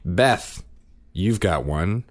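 A man co-hosting a parenting podcast, telling family stories in casual chat and sometimes mimicking his kids in a high voice. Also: expressive, very slow. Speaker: podcast co-host, father. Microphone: studio microphone.

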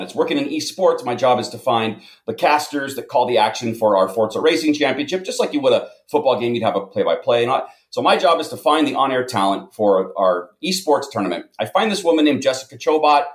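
A man rattles off self-deprecating stories at a brisk clip, loose and conversational. His voice sits at an everyday middle pitch. The recording has a noticeable roomy echo. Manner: lively storyteller, self-deprecating. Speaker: guest storyteller. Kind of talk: casual anecdote telling.

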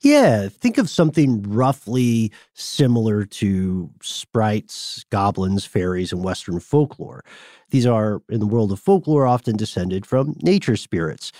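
A man's voice: lowish voice, measured pace, dry recording, clean studio sound. A man co-hosting a podcast, telling a story in casual chat and acting out the quoted voices. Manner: lively, acts out quoted voices. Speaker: podcast co-host.

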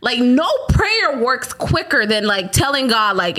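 Lively high-voiced young woman chatting. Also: measured pace. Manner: animated, laughing, acts out voices. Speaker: podcast co-host. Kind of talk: casual chat.

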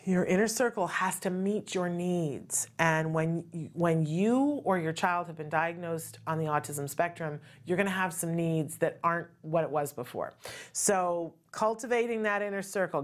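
This middle-aged host speaks unhurriedly in a voice on the low side during a casual talk show monologue. She keeps it sincere and conversational, regularly asking "right?"

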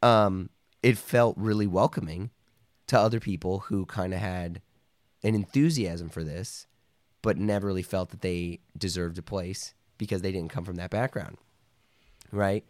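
A man with a low, deep voice, talking as a podcast guest in a casual, meandering way, padding his story with fillers and slipping into quoted voices. The sound is close and dry, with no room echo, and he coughs now and then. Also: measured pace. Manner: rambling, full of "like" and "you know", acts out quoted voices.

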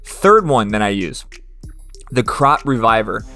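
A man's voice: lowish voice, big pitch swings, unhurried, bright, forceful tone, faint music behind. A man co-hosting a podcast, reading a sponsor ad in a crude, joking, loose way. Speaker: podcast co-host. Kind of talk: casual ad read.

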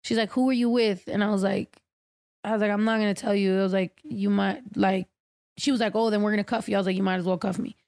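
A woman hosting a podcast, telling a personal story in a loose, profane, animated way. Her voice sits at a middle pitch and sounds dry and close, with no room echo. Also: fast talker, creaky. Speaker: podcast host. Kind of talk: casual storytelling chat.

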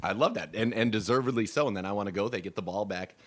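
A man's voice: lowish voice, fast talker. A man hosting a sports radio show, asking long, enthusiastic questions.

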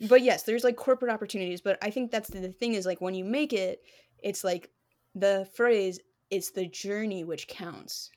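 A woman's voice: medium pitch, brisk, a little mellow. A young woman co-hosting a podcast in casual chat, playful and rambling with lots of fillers. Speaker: podcast co-host.

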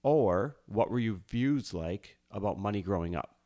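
A man in his thirties hosting a podcast and interviewing his wife, upbeat and energetic. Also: on the low side, unhurried. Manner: energetic, hyped intro. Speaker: podcast host.

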